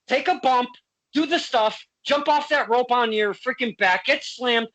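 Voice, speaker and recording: Female podcast host, bright and forceful tone, blunt, swears, lots of restarts. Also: fairly high pitch, measured pace, poor audio. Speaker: interview host. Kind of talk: casual interview chat.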